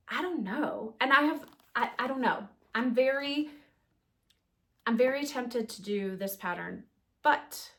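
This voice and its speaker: Slow-talking chatty woman. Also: on the high side, fairly bright tone. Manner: chatty, many ums and restarts. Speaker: knitting podcast host. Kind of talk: casual show-and-tell chat. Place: home knitting corner.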